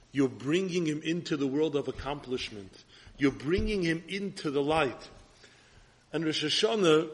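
Husky man giving an earnest sermon. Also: fairly high pitch, a bit bright. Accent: Ashkenazi Hebrew pronunciation.

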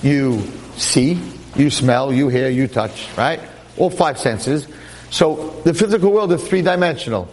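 A man lecturing and telling a story with lively jokes and frequent restarts, speaking to listeners in a room. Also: fairly high pitch, unhurried, long reverb tail, slight background noise. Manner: animated, repetitive restarts, joking. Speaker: Jewish lecturer.

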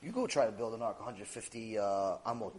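A man's voice: fairly low pitch, fairly quick, a little mellow. A man giving a Torah class, telling the story with animation and acting out the dialogue. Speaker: Torah lecturer.

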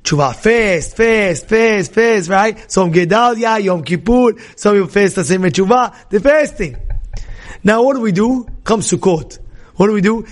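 A man teaching a Torah class in an animated storytelling style, acting out dialogue with many restarts and swinging between loud and soft. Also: high-pitched, a little slow.

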